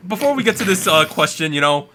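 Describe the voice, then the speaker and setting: A man co-hosting a casual podcast chat, trading quick, animated, jokey opinions. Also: high voice, a little hiss or hum. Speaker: podcast co-host.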